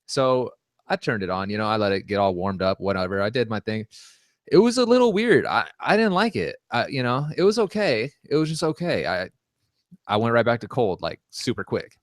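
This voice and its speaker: A man's voice: lowish voice, sing-song, brisk, no echo, clean studio sound. A man in his thirties co-hosting a podcast, joking around in slangy casual chat. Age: 30s. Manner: slangy, joking, says "dude" a lot. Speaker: podcast co-host.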